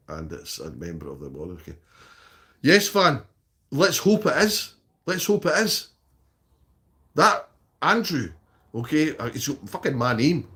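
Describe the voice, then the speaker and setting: A man's voice: mid-range voice, fairly bright tone. Blunt sweary Scottish man. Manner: blunt and sweary, tags "okay?" onto sentences. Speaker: live streamer. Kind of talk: casual chat answering viewer comments.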